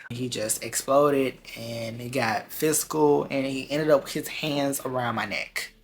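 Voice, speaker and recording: A man tells a personal story to his camera in loose, slangy speech that runs quick and lively. His mid-range voice carries a steady gravelly fry, and he gets animated as the story goes on. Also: mid-range voice. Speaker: vlogger. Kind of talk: casual storytime vlog.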